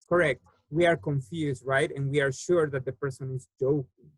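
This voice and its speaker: A man's voice: on the high side, breathy edge, no room sound, poor audio. Patient male English teacher, dry sound. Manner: patient, explains slowly with many fillers. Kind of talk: online class teaching.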